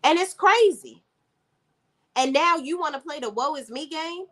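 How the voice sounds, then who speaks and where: TV reviewer, woman, blunt and opinionated, high lively voice. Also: measured pace. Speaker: TV show reviewer. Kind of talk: casual TV recap.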